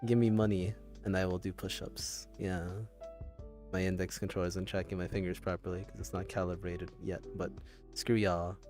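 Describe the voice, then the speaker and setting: A man's voice: low-pitched, little pitch movement, moderate pace, darkish tone, faint music behind. A man co-hosting a podcast in casual chat, rambling and self-mocking, laughing often. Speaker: podcast co-host.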